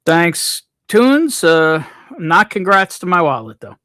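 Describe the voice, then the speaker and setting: A man's voice: fairly high pitch, big pitch swings, takes it slowly, pushed and bright, dry recording. A man hosting a casual livestream, reading out viewers' names from the chat and greeting them one by one. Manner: reads chat names aloud, laid-back. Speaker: livestream host.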